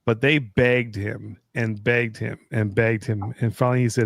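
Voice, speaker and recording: A man's voice: on the low side, steady tone, normal speed, creaky, few pauses, dry recording, clean studio sound. A middle-aged man co-hosting a live stream, telling a long story in a loose, rambling casual chat style, often restarting his sentences.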